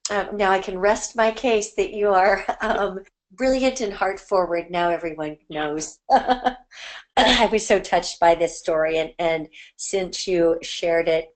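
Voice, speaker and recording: A woman hosting an interview, effusive and gushing with soft laughs, tearing up as she thanks her guest. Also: on the low side, slow. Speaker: interview host. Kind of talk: warm interview chat.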